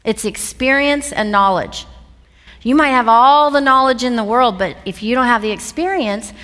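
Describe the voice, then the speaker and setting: Woman speaker on stage, high bright voice, lively story to a seminar crowd in a reverberant hall. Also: normal speed. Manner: animated, laughs through her own story. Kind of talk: storytelling talk to a live audience.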